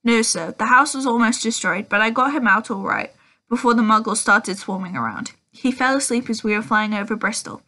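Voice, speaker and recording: A woman's voice: a little high, fairly quick, bright, forceful tone. A woman voicing a huge, kind-hearted man who stumbles and sobs through his words. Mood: relieved. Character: huge gruff man, gamekeeper, tearful and kind.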